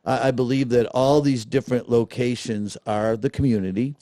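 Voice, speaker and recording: Gravelly-voiced man, animated storyteller. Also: medium pitch, moderate pace, dry recording, studio quality. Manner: animated storyteller, acts out quotes. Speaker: guest, festival director. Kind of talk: casual interview chat.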